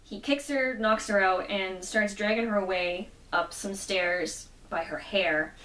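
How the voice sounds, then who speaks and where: A woman's voice: medium pitch, unhurried, sharp tone. A woman casually recapping a comic book story, quoting the characters as she goes. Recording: roomy echo, mic at a distance.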